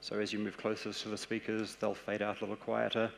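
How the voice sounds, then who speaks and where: A man with a New Zealand accent giving a conference presentation, explaining ideas in a steady, practical way. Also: fairly low pitch, fast talker, gravelly, slight background noise. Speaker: conference speaker. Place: large conference hall. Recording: echoey conference hall.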